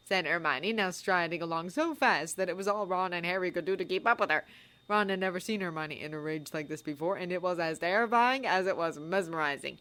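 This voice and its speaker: A woman narrating a fan-written story in an expressive, audiobook reading style. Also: on the low side, normal speed. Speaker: fanfiction reader.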